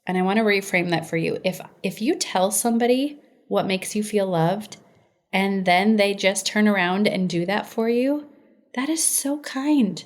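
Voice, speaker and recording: A woman's voice: mid-range voice, normal speed. Woman podcast host, mid-range voice, conversational and emphatic. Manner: emphatic, conversational, addresses listeners directly. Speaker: podcast host and inner-healing practitioner. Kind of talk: teaching podcast monologue.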